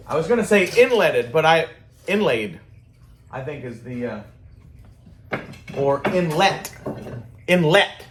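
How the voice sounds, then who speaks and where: A man's voice: medium pitch, a little hiss or hum. Rambling, profane man in a workshop. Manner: rambling, profane, laid-back. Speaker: hobby swordsmith vlogger. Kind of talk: casual workshop talk.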